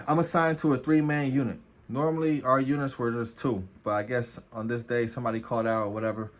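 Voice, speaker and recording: Laid-back male vlogger, casual slangy storytelling, cursing freely. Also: medium pitch. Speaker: vlogger, former officer.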